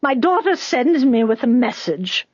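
A narrator voicing a desperate old village woman who pleads in a shrill, screeching voice. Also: very animated, no room sound, lo-fi sound. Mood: desperate pleading. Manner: pleading, slow and drawn out.

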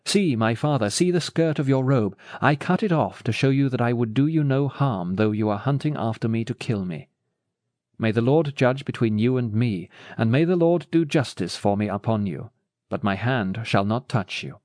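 A man's voice: mid-range voice, lively intonation, moderate pace, a little mellow, no echo, lightly acted. Earnest young king-to-be, solemn and pleading, as a storyteller reads him, dry close sound. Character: earnest young man, a loyal future king.

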